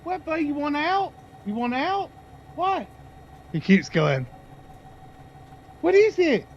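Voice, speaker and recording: A man's voice: very high-pitched, huge pitch swings, a little slow, lo-fi sound, a little hiss or hum. A man chatting casually on his livestream, telling a long rambling story and talking to his dog in between. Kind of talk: casual chat with stream viewers.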